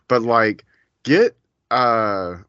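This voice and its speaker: A man's voice: mid-range voice, lively intonation, extremely slow, fairly bright tone, clear, resonant tone, highs cut off. A man co-hosting a podcast, speaking in a hesitant casual way that often trails off. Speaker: podcast co-host. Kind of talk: casual chat.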